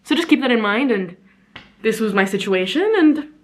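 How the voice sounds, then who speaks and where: A young woman travel vlogger telling a story in a casual, animated, rambling way, often restarting her sentences. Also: fairly high pitch, moderate pace. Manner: animated, rambling, frequent self-corrections.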